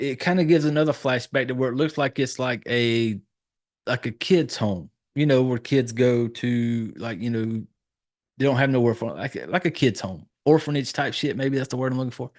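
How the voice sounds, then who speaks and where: A man's voice: mid-range voice, fairly quick. Southern guy on a podcast recapping a horror flick, cussing a lot, acting out lines, regular mid voice. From Southern United States. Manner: profane, animated storytelling with acted-out quotes. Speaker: podcast host reviewing a horror film. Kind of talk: casual film recap chat.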